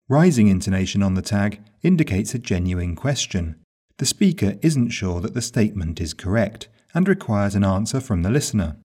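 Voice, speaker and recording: Measured man explaining grammar. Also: lowish voice, dark tone, husky. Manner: measured, carefully enunciated explanation. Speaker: English teacher. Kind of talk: scripted lesson narration.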